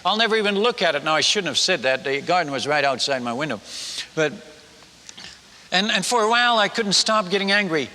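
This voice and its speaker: A male missionary preacher telling a story in a sermon, animated and self-mocking, with frequent halting restarts. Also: fairly high pitch, in a large hall.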